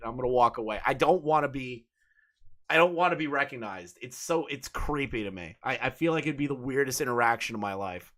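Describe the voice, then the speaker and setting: A man's voice: medium pitch, quick pace, bright, forceful tone. A young man hosting a casual call, talking bluntly and rambling with plenty of profanity. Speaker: streamer host.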